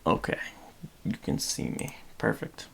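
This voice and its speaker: A man's voice: a little slow, fairly bright tone, a little hiss or hum. A man with a Boston accent, a podcast host rambling distractedly and muttering to himself while he works on a casual livestream.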